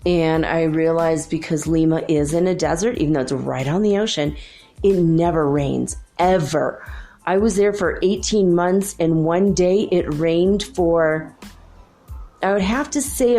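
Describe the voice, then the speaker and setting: Mellow-voiced chatty spiritual woman. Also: fairly low pitch, a little slow, faint music behind. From Minnesota. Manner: rambling, chatty, laughs often. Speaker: spiritual channel host. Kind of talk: casual spiritual monologue.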